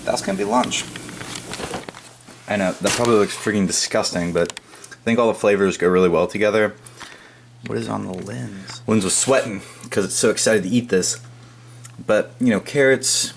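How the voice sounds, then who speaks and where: Young male vlogger, lowish voice, offhand home-video chatter over steady background noise. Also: normal speed, vocal fry. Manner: offhand and rambling, self-mocking asides. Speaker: fitness vlogger. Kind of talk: casual vlog narration. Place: home, kitchen and bathroom.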